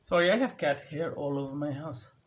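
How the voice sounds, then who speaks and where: A man's voice: a little high, brisk, muffled recording, noisy background. A young man ranting sarcastically at home into a phone, mimicking others with a raised voice. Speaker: vlogger. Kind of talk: casual ranting monologue. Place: home, indoors.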